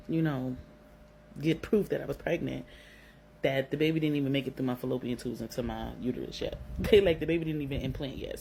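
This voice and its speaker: The clip has a rough recording quality and a little hiss or hum. Through it comes a young woman's low, warm voice with a New York accent; she's from Brooklyn and tells a personal story bluntly, slangily, swearing freely and saying "like" over and over.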